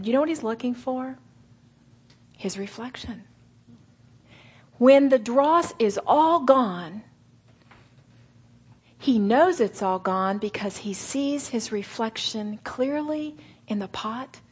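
A middle-aged woman delivers a sermon to a room of women, her voice somewhat husky. She pitches a touch higher than most women. She slows right down for emphasis and sometimes sinks into a whisper. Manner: earnest, with slow emphatic phrases and soft whispered asides. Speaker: speaker at a women's gathering.

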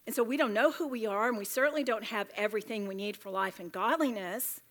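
A woman's voice: fairly high pitch, fast, fairly bright tone. Chatty, earnest woman speaker. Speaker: women's Bible study speaker. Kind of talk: sermon. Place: room with tables of women.

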